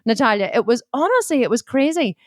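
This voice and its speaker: A woman, a podcast guest telling her story in a blunt, swearing, animated way. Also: a little high, fast, no echo, clean studio sound. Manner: blunt, expletive-heavy, animated retelling. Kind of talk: candid storytelling interview.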